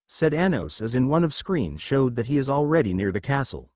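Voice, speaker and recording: Man reading a story, lively pitch. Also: moderate pace, few pauses, no room sound, clean studio sound. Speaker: story reader. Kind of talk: reading fan fiction aloud.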